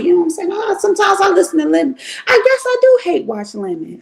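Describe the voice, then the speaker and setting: Blunt, profane woman with a gravelly voice. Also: very high voice, very animated, quick pace, a little mellow. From Cleveland, Ohio. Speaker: livestream host. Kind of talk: casual livestream rant.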